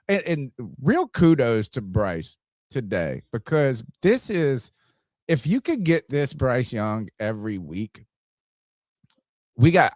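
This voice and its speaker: A man's voice: medium pitch, dry recording, clean studio sound. A man hosting a sports podcast, reading an ad and giving rambling, casual game analysis. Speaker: podcast host. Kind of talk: casual sports talk and ad read.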